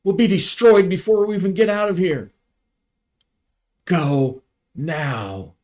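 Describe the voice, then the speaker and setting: A man's voice: sits high, slow, darkish tone, pitched above the performer's own voice. A cautious crewman , as a man puts him on, protests in a tabletop horror game. His voice is lifted and tight with alarm. He speaks insistently, holding his ground. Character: cautious male driver refusing to drive into a storm.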